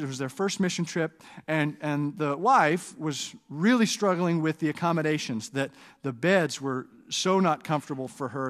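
A man preaching a sermon as pastor, conversational and animated, with asides to the congregation. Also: a little high. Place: church sanctuary. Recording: long hall reverb.

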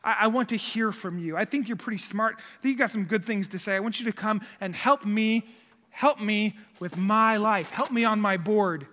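A preacher puts on an earnest older scholar who speaks slowly and deliberately. His voice sits high for a man and sounds bright. It echoes through a large church hall.

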